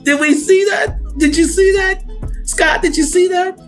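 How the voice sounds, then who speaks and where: A man's voice: extremely high pitch, unhurried, soft background music. A man talking as a guest on a sports podcast, in playful, exclamatory banter. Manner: animated and exclamatory, playful swoops.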